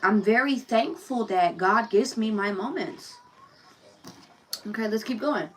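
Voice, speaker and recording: A woman's voice: medium pitch, measured pace, recorded from a distance, noisy background. A woman giving a casual tarot reading, telling a personal story and talking bluntly and profanely straight to the viewer. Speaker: tarot reader.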